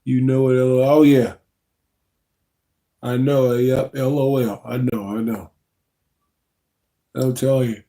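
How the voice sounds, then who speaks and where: A man's voice: medium pitch, little pitch movement, unhurried, long pauses, warm tone. A young man, hosting a casual livestream, chatting loosely, reading the chat aloud and yawning now and then. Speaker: livestream host.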